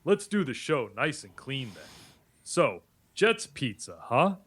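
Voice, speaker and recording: A man's voice: medium pitch, very animated, slow pace, a bit bright, husky, exaggerated voice. AI voice putting on a brash guy. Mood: chummy. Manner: brash, swearing, streetwise. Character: brash, foul-mouthed Italian-American gay man. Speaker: AI voice assistant.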